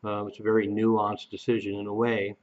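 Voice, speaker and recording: A man's voice: lowish voice, completely flat delivery, a little fast, muffled recording. A man giving a blunt, dismissive political commentary in a casual monologue, hesitant with many fillers and repeated words.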